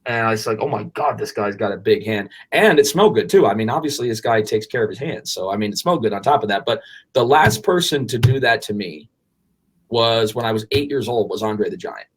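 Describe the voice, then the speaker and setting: A man in his forties, co-hosting a podcast, telling a story in an animated, rambling way with restarts and casual swearing. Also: medium pitch, brisk, slightly rough. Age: 40s. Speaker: podcast co-host.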